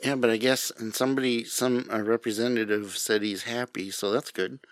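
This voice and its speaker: A man's voice: mid-range voice, fairly even intonation, a little fast, no echo. New england guy cohosting a podcast, dry close sound, laughs a lot, middle-aged. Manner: laughs often, jokey asides. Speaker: podcast co-host. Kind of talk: casual chat.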